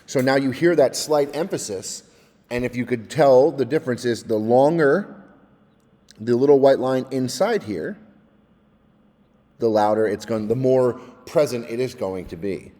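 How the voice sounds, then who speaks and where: Casual male tutor, mellow voice, step-by-step software walkthrough, long reverb on the voice. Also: medium pitch, unhurried. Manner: casual, explains step by step, often adds "all right?". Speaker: music technology teacher. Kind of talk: screen-recorded software tutorial.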